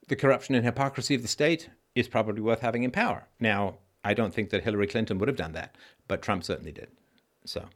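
A man with a somewhat low, expressive, trained voice hosts a live-stream Q&A. He reads viewer comments and answers them conversationally, often stopping to restart his sentences. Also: fast, hardly any pauses. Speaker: host.

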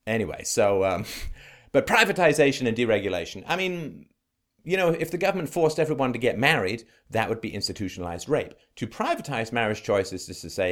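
A man's voice: mid-range voice, animated, fairly quick. A man giving an emphatic, sarcastic opinionated monologue as a political commentator.

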